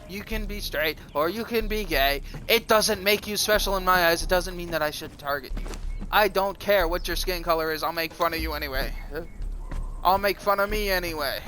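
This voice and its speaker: Male streamer, defiant self-mocking rant, high and sharp-toned. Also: normal speed, a little hiss or hum. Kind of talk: rambling livestream monologue.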